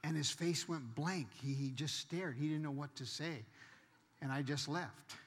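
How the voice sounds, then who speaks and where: Preacher telling a story in a reverberant hall. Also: male voice, on the high side, measured pace, husky. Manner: animated storytelling, laughing, acting out other voices. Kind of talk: sermon testimony. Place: church. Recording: long church hall reverb.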